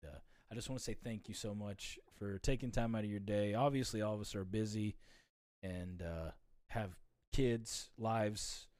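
A young man hosting a casual podcast, friendly and relaxed, greeting viewers and thanking his guest. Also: fairly low pitch, normal speed, no echo. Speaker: podcast host.

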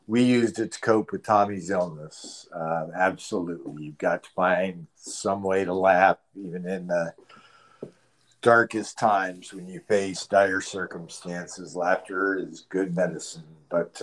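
A man with a very low voice speaks slowly and with care. He sounds earnest as he closes out a conversation on a podcast. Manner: earnest, slow and deliberate. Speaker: podcast co-host. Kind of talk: casual conversation.

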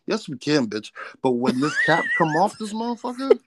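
A young man hosting a casual interview, an animated and playful storyteller. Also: a little high, fast, background noise. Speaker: interview host.

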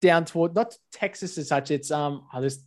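A man's voice: a little high, moderate pace, darkish tone. An Australian man co-hosting a podcast, chatting bluntly and swearing freely. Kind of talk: casual chat.

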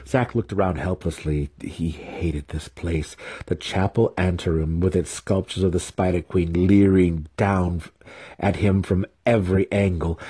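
A man reads a fantasy novel aloud at a steady, unhurried pace. His voice is very low and mellow, with a husky grain. It sounds like a storybook reading. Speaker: audiobook reader.

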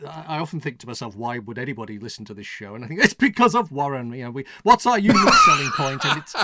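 A man's voice: fairly high pitch, huge pitch swings, fast, sharp tone, no room sound. A man presenting a radio show about television, chatting in a wry, rambling, self-deprecating way on a close mic. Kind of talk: casual radio chat.

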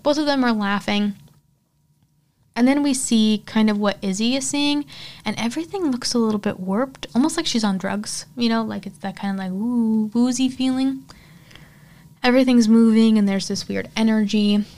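A woman hosts a horror podcast and walks through a film scene by scene. She talks casually, peppering her retelling with fillers as she goes. Her voice sits at an ordinary middle pitch. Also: moderate pace, a little mellow. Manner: chatty, filler-heavy retelling.

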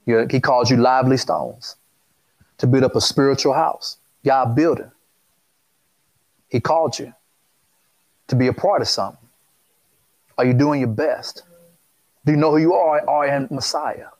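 A man delivering a sermon at a middle pitch, casual and conversational. He keeps firing questions at his listeners and repeats lines for emphasis. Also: moderate pace, pauses often, a little mellow, low-quality recording. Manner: calls out questions and repeats phrases. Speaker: preacher.

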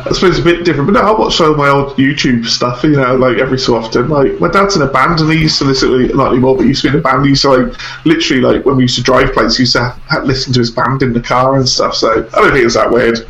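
A man's voice: mid-range voice, racing, a bit bright. A man with a blocked-up, nasal voice, co-hosting a podcast in casual chat. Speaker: podcast co-host. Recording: echoey room.

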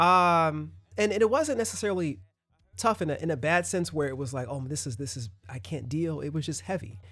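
A man's voice: fairly high pitch, brisk, fairly bright tone, no room sound. A man hosting his own podcast, talking loosely in a casual solo monologue with restarts and asides. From United States. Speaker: podcast host.

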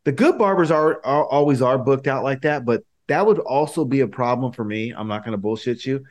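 A man's voice: medium pitch, a little fast, darkish tone. A man co-hosting a podcast, joking and teasing in blunt, profane casual chat. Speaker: podcast co-host.

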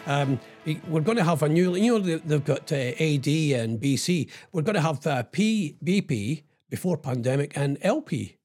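A man's voice: on the high side, animated, moderate pace, hardly any pauses, darkish tone. Chatty man hosting over music. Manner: rambling asides with frequent tag questions; sarcastic about politics. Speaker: radio show host. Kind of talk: casual radio talk reading out news items.

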